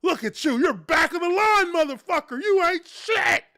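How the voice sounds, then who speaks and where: A man putting on a hostile stadium fan who shouts insults at offensive linemen. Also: very high voice, lively intonation, moderate pace, voice pushed up, heavily acted. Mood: yelling taunts. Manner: yelling insults.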